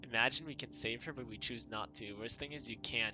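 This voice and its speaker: Excitable man streaming a story game. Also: mid-range voice, faint music behind. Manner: excitable and chatty, quick to exclaim. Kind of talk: let's play commentary.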